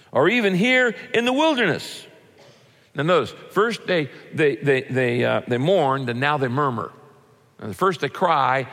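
Man preaching in an echoing hall. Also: gravelly. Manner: earnest preaching, swinging between loud emphatic peaks and low quiet drops. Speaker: pastor. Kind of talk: sermon. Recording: long hall reverb.

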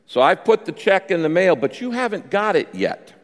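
A man preaching a sermon as a pastor. He acts out voiced quotes, and his pace shifts between quick runs and slow, stressed phrases. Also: high-pitched, sing-song. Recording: long reverb of a large hall.

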